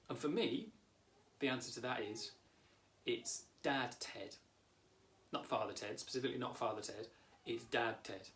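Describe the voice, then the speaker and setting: A man in his thirties leads a coaching lesson as a therapist. He talks calmly and directly to the viewer at a medium pitch. His delivery is steady and explanatory.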